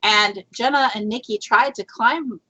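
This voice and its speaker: A woman's voice: fairly high pitch, a little slow, bright, forceful tone, a little hiss or hum. Chatty woman on a lo-fi podcast. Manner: chatty, rambling with fillers and laughs. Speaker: guest Bigfoot researcher. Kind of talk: casual storytelling in a podcast interview. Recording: lo-fi muffled audio.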